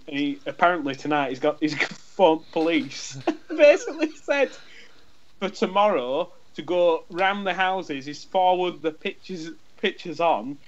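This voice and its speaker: This podcast co-host from England shares a meandering story in casual conversation, swearing liberally and acting out both sides of a dialogue. His voice is on the high side, and the recording sounds muffled.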